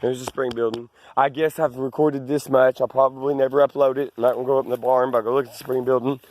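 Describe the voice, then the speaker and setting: Out of breath, this Arkansas landowner vlogger rambles as he films a walk across his rural property, full of asides and restarts. He talks fast in a mid-range voice that barely moves in pitch, slightly mellow, captured in a dry recording.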